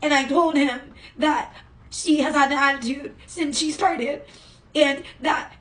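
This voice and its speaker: A woman's voice: sits high, steady tone, unhurried, fairly bright tone, distant mic, low-quality recording. A woman vlogging from her hospital room, telling an upset story about a nurse. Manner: upset, venting. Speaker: hospital patient. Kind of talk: casual storytime vlog.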